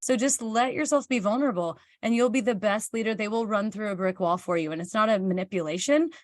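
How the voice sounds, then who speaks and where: A woman's voice: medium pitch, fast talker, dry recording, clean studio sound. Candid woman giving a pep talk. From Kansas, United States. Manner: chatty and candid, reads and answers viewer comments, acts out dialogue in quotes. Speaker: team leader hosting a live session. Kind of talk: motivational live talk to her team.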